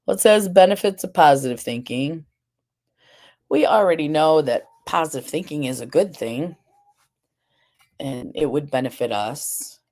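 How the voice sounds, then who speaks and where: A woman hosts a live stream, groggy and sleepy, chatting casually and talking directly to viewers and the chat. Her warm, low voice has lively intonation, a slightly slow pace and frequent pauses, and she rambles a little with fillers and restarts.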